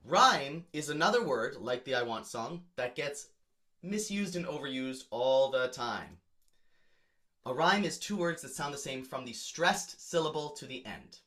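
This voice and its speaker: A man's voice: medium pitch, animated, a little slow, pushed and bright. A man, a music educator, explaining song lyrics in a lecture with emphatic examples.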